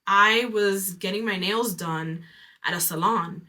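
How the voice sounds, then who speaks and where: A woman's voice: mid-range voice, unhurried, pushed and bright. A woman hosting a podcast, telling a personal story in a candid, reflective way with casual fillers. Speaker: podcast host.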